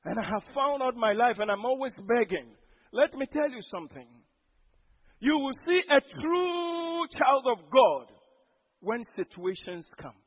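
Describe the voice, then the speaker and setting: A man preaching a sermon as pastor, breaking into sudden loud emphatic outbursts. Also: very high voice, very animated, measured pace, breathy edge, dull audio.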